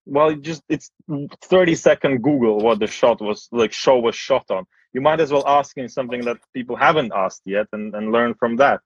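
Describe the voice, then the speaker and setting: A man from post-Soviet Europe, hosting a casual podcast chat in a blunt, relaxed way and swearing freely. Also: medium pitch, normal speed, hardly any pauses, husky, no room sound. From post-Soviet Eastern Europe. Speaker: podcast host. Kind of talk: casual conversation. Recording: slightly dull, dry sound.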